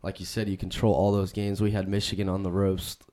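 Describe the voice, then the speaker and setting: A man's voice: sits low, completely flat delivery, fairly quick, dark tone. A man co-hosting a casual sports podcast, arguing his points eagerly. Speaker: podcast co-host.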